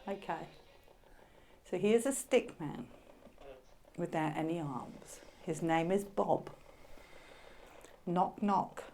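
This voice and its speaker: Creaky-voiced woman on a ghost hunt. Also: on the low side, slow, pauses often, a little mellow, a little hiss or hum. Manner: chatty, laughs easily, jokey. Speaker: paranormal investigator. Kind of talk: casual chat during a ghost hunt. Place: inside an old jail at night.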